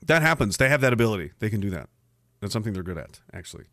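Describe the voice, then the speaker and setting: A man's voice: lowish voice, very animated, racing, fairly bright tone, no echo, clean studio sound. A man hosting a podcast, reading out comments in a sarcastic, profane, rambling way. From Canada. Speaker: podcast host. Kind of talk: casual livestream chat reading comments.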